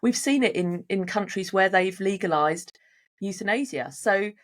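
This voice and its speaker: A woman's voice: medium pitch, expressive, moderate pace. A woman co-hosting a talk show, making an earnest case with rhetorical questions. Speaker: podcast co-host. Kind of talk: casual discussion.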